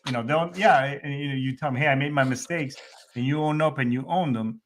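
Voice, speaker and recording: A man's voice: medium pitch, fairly quick, a little hiss or hum. A middle-aged man hosting a podcast in a casual chat, profane and rambling with many restarts. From Hispanic background. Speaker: podcast host.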